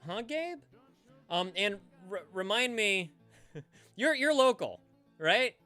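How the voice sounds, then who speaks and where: A man's voice: sits high, very animated, slow, sharp tone, faint music behind. A man hosting a casual live-stream call-in show, rambling and profane, stammering and restarting as he chats with viewers.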